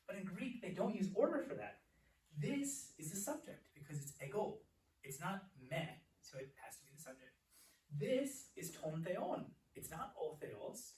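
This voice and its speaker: A young man teaching a Greek class in a church classroom, explaining patiently and repeating words slowly. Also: high-pitched. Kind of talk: classroom lecture. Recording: echoey room, distant mic, faint hiss.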